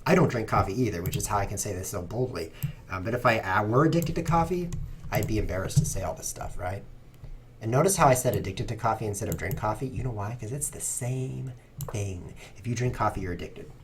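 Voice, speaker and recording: On his chess stream, the host keeps up a brisk, animated patter in a voice on the low side, rambling with playful sarcasm at his computer as he plays. The background is noisy.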